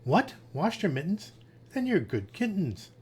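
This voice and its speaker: A man's voice: sits high, wildly swooping pitch, unhurried, darkish tone, husky, pitched above the performer's own voice, exaggerated voice. A man voicing a stern mother cat in a storybook reading, scolding her kittens.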